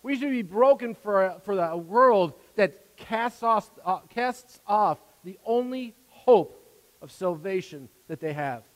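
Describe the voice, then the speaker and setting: A man preaching a sermon as a pastor, earnest, repeating words as his volume swings from soft to loud. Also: high-pitched, big-room sound, poor audio.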